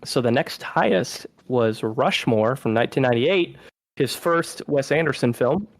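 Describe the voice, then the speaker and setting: Animated man recapping movies on a podcast. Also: medium pitch, normal speed, dry recording, low-quality recording. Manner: animated, recaps plots with acted-out quotes. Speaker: podcast co-host. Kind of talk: casual film podcast chat.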